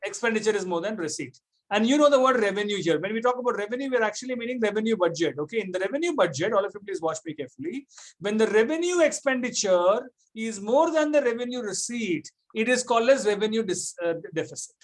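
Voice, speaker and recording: A man's voice: high voice, animated, fast. A man teaching a classroom economics lecture, repeating points and checking often that students follow.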